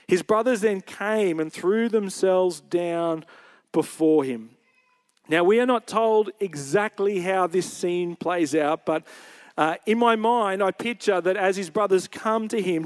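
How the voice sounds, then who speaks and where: A male pastor preaching a sermon at a church service, retelling a scripture story in his own words in a relaxed, conversational way. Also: high-pitched.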